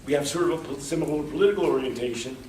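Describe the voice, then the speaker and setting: Racing along in a slightly high voice with a darkish tone, a workshop speaker from the United States meanders through anecdotes and voices quoted lines in a conversational lecture. The workshop-room audio, from a distant mic in a hall, is roomy with a bit of hiss or hum.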